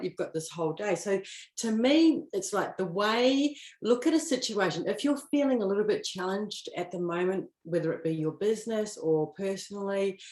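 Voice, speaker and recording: A woman's voice: lowish voice, a little mellow. A woman hosting a weekly card reading live, talking in a chatty, playful way, riffing and laughing as she goes. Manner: chatty, playful, riffs and laughs, acts out quoted self-talk. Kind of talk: casual live-stream talk. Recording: echoey room.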